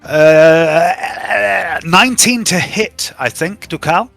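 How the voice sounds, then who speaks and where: A man's voice: fairly high pitch, very slow, vocal fry, fairly bright tone, faint music behind, low-quality recording. A man running a tabletop game as game master, joking and playfully bossy with his players.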